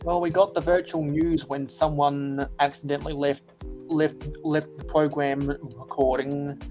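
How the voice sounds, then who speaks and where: Man, stream host, slightly high pitch, restarts a lot, soft music under. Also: level tone, measured pace. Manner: agreeable, repeats himself. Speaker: livestream host. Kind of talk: casual livestream chat.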